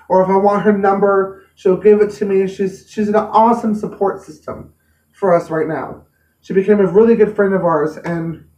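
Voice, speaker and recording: A woman's voice: medium pitch, a little mellow. Woman vlogger, heartfelt and repetitive, recorded at a distance in a roomy space. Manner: earnest, emotional, repeats herself. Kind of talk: personal vlog update. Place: home room. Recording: roomy echo, mic at a distance.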